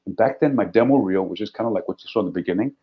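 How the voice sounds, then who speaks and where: A middle-aged man, a guest actor, telling stories in an animated, anecdotal way during a casual interview. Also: lowish voice, rapid-fire. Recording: dull lo-fi audio.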